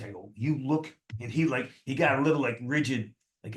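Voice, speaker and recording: A man in his sixties, an actor guest telling a lively, profane anecdote and acting out the people in it. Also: medium pitch, fairly quick, few pauses. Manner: animated, profane, acts out the people in his stories. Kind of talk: casual storytelling anecdote. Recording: roomy echo.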